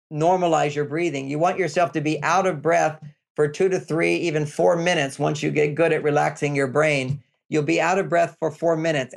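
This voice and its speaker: An older man speaks as an interview guest, laying out advice step by step and repeating his key points for emphasis. His voice sits a little high and carries a gravelly edge. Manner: explanatory, repetitive, emphatic. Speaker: relationship author, guest.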